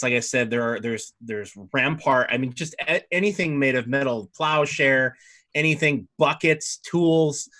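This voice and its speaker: A man's voice: mid-range voice, pushed and bright. A man narrating as dungeon master in a tabletop game, rambling with fillers and restarts.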